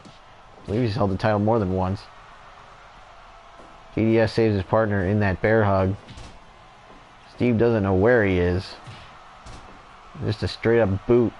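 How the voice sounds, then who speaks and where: Casual male game commentator, lowish voice, laid-back play-by-play with faint room hum. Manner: relaxed, chatty, laughs and goes off on tangents.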